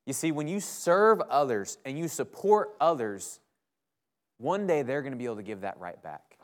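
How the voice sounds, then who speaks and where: A young male preacher speaking to a campus group. His delivery is conversational and sincere, and he often checks in with his listeners. His voice sits at an ordinary middle pitch. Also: very animated, moderate pace. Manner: conversational, earnest, keeps asking "right?". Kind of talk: sermon.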